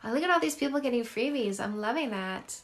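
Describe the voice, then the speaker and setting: A middle-aged Canadian woman with a fairly high, animated voice hosts a live stream on her phone as a dating coach. She chats casually and gushes over viewer comments, effusive, quick and chatty.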